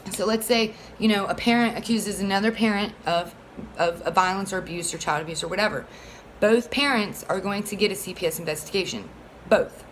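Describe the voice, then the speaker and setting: Earnest rambling single mom. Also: female voice, medium pitch, brisk, a bit bright, a little hiss or hum, poor audio. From Florida. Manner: earnest, rambling, heated, frequent fillers. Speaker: single mother advocating for a bill. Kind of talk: casual advocacy monologue.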